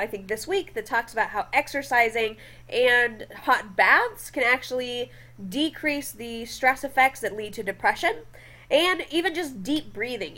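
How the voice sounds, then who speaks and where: Brief: young woman, high voice, chatty lecturer working through slides, keeps checking in with the class. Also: fairly bright tone. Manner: chatty, often checks in with "okay?".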